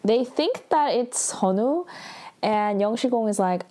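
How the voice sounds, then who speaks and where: A woman's voice: fairly high pitch, lively intonation, unhurried, dark tone. A young woman casually recapping a drama episode, chatty and full of "like" and "um" fillers. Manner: chatty, heavy use of "like" and "um".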